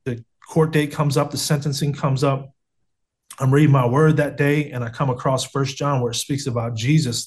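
An earnest man in his thirties from the United States tells his story on a video call. He talks casually, with plenty of restarts and slang like "man" and "bro". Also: medium pitch. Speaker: guest sharing testimony. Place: home setup on a video call.

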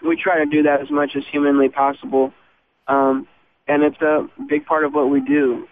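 An earnest man answering interview questions about faith and his music, his voice pitched a little high. He speaks reflectively and slows down on the words that matter. The sound is thin and tinny, like a phone line, with a faint hiss behind it. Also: little pitch movement. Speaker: band member guest.

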